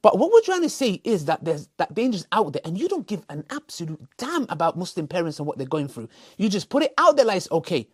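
A man's voice: high voice, wildly swooping pitch, quick pace, hardly any pauses, breathy edge, no echo, clean studio sound. A man giving heated reaction commentary, scolding and mocking with sarcastic quotes.

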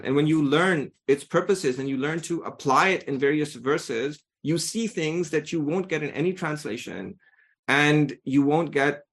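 A man teaching a lesson on Quranic language, earnest and emphatic, often restarting his sentences. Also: fairly high pitch. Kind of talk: lecture on Quranic rhetoric.

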